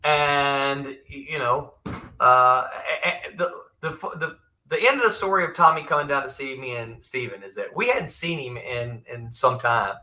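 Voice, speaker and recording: Male host, former editor type; very bright, animated storyteller, laughs a lot. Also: medium pitch, normal speed. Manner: animated storyteller, laughs often, many restarts. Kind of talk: casual live-stream chat.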